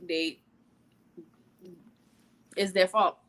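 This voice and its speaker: A woman's voice: lowish voice, steady tone, extremely slow, a bit bright. A woman co-hosting a casual talk show, speaking bluntly and rambling, with lots of filler words. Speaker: podcast co-host. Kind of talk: casual chat.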